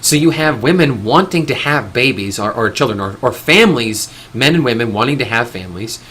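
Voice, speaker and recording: Give me a bright-voiced man ranting on a live stream. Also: medium pitch, expressive, brisk, slight background noise. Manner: rambling, with frequent restarts and casual swearing. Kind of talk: opinionated live-stream monologue.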